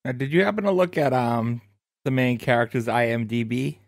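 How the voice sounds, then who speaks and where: A man's voice: medium pitch, expressive, brisk, no room sound, studio quality. A man co-hosting a podcast, chatting casually and sharing trivia about an actress. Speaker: podcast co-host. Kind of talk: casual chat about a TV show.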